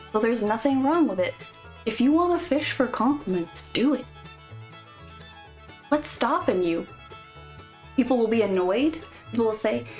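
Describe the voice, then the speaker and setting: A woman vlogger giving casual, playful commentary with jokes and asides. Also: fairly high pitch. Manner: playful, jokey, conversational.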